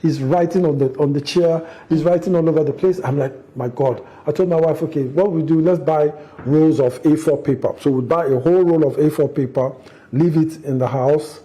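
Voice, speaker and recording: A middle-aged man, telling a family story in an interview, animated and acting out the quotes, with frequent restarts. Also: fairly high pitch, brisk. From Nigeria. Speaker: interview guest, father.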